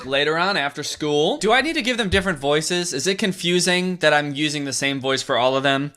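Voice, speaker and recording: A man's voice: fairly high pitch, expressive, fast talker, hardly any pauses, sharp tone. A man, a YouTuber, giving rambling, sarcastic comedic commentary on a game and laughing often.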